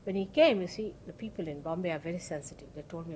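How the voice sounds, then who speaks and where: A woman's voice: lowish voice, quick pace, a little mellow, a little hiss or hum, rough recording. A woman giving a spiritual public talk, telling stories emphatically with sudden rises in her voice. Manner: anecdotal, acts out quoted dialogue. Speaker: spiritual teacher.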